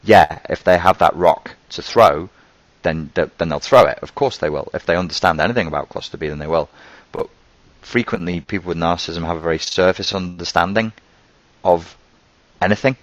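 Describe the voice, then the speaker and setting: A man with a low, deep voice talks through an idea in a casual, explanatory way. He is thoughtful and halting, and he restarts phrases as he searches for the right words. The sound is close and dry, with no room echo.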